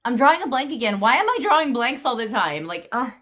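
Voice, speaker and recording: A young woman from the United States telling a story to her camera in a giggly, animated, gushing way. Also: on the high side, quick pace. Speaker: vlogger.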